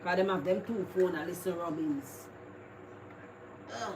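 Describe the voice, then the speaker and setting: A woman's voice: on the low side, a little slow. A Jamaican woman hosting a casual live stream, chatting with viewers in a rambling, chatty way that is full of laughs. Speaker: livestream host. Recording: noisy background ambience.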